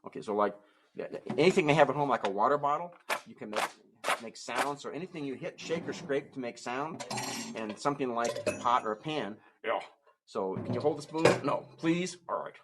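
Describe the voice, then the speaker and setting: A man's voice: mid-range voice, expressive, fairly quick, heavy background noise. A man performing as a musical ventriloquist, patiently explaining things to young audiences between puppet bits. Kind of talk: ventriloquist show patter.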